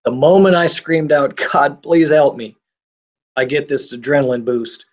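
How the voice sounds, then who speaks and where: A man's voice: fairly high pitch, normal speed. A middle-aged man telling a personal survival story in an interview, speaking intensely with frequent repeats and restarts.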